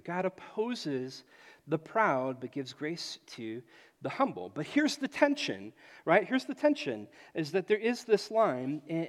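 A man in his late thirties preaching a sermon, telling stories and acting out voices, often repeating his phrases. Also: a little high. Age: late 30s. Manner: animated storytelling, acts out voices, repeats phrases. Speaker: pastor. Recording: echoey hall.

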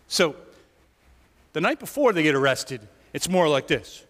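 A male pastor preaching a sermon, animated, acting out the story as he teaches. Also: fairly high pitch, normal speed. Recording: long hall reverb.

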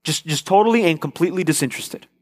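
A man's voice: on the high side, fast, darkish tone. Earnest preacher man in a reverberant church. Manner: earnest, repeats key phrases for emphasis. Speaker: pastor. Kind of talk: sermon.

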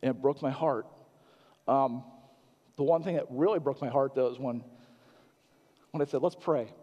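Male pastor, sermon, halting and earnest, mellow tone, long hall reverb. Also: medium pitch, highs cut off. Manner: halting, many restarts and fillers, earnest.

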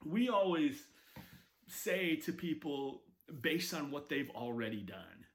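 A man preaching a sermon, telling stories with lively acted-out quotes. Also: on the high side, takes it slowly. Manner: animated storytelling with acted quotes. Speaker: pastor.

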